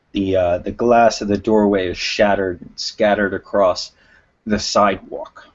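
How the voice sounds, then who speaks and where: A man narrating as game master of a tabletop role-playing game, hesitant and full of fillers. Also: fairly low pitch. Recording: dull lo-fi recording.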